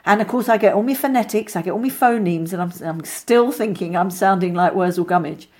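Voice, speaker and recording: A middle-aged woman, an actress being interviewed, telling lively anecdotes with many restarts and asides. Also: medium pitch, a little fast. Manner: chatty, animated storyteller with many restarts.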